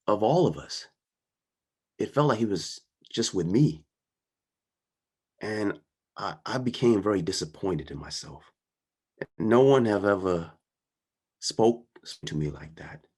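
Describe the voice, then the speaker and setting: A man's voice: low voice, breathy edge. A man giving a personal storytelling talk in an earnest, conversational way, often checking in with the audience. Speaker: guest speaker.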